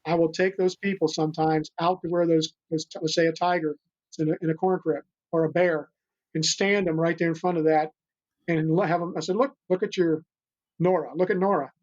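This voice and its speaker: A man's voice: on the high side, level tone, a little fast, darkish tone. An older man, a guest telling stories about animal rescue in an earnest, rambling way with many restarts, on a dull recording. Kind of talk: storytelling interview talk. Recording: dull lo-fi sound.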